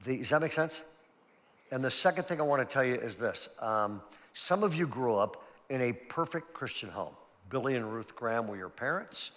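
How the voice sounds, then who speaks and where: Older male pastor, storytelling seminar talk, mid-pitched voice, long hall reverb. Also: a bit bright. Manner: storytelling, conversational and emphatic. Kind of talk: sermon-style seminar talk. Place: large church hall.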